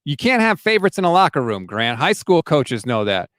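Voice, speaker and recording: A man's voice: on the high side, sing-song, brisk, a bit bright, no echo. A man co-hosting a casual sports talk show, wry in tone, reading news and comments. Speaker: podcast co-host.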